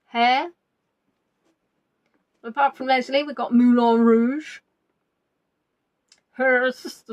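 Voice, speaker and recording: A woman's voice: high-pitched, steady tone, takes it slowly, pauses often. A woman hosting a quiz, chatty and teasing, reading out answers as they come in. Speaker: quiz host. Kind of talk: live online quiz chat.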